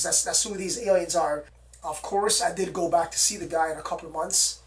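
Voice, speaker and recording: An excitable storyteller who rambles through a personal account and keeps repeating words. The voice sits at middle pitch and sounds somewhat far from the mic. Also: normal speed. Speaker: storyteller recounting an alien encounter. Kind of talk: casual spoken storytelling.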